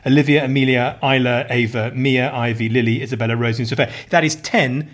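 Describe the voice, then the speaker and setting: This podcast co-host, a middle-aged man with a posh southern English accent, speaks in a steady, mid-range voice at a slightly fast clip. In casual chat he drifts through rambling anecdotes, mimicking the voices of others.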